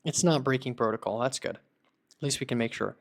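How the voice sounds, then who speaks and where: A man's voice: medium pitch, brisk, gravelly. A man hosting a casual screen-recorded tech tutorial, thinking aloud as he tests and debugs a voice agent. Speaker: tech video creator building voice agents.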